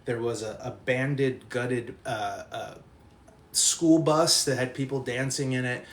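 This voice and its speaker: A man's voice: mid-range voice, slow. Laughing man telling a wild story. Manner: laughs often and swears casually. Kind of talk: casual anecdote.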